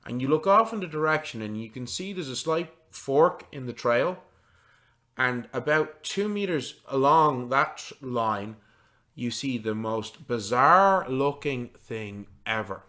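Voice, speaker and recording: A man's voice: mid-range voice, lively intonation, a little slow, sharp tone. A man narrating a tabletop game as game master, rambling with many fillers and restarts.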